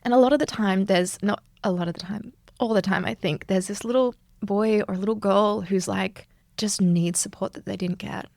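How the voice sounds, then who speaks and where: A woman's voice: medium pitch, fairly even intonation, normal speed, vocal fry, a little mellow, no room sound, studio quality. A woman from Australia, a yoga teacher talking earnestly and animatedly as a guest in a reflective interview, laughing often.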